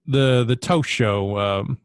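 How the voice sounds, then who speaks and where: A man's voice: mid-range voice, takes it slowly, smooth, no echo, clean studio sound. A man co-hosting a casual podcast, teasing his friends and swearing freely. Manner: teasing, profane, ribbing the others. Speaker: podcast co-host. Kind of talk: casual chat.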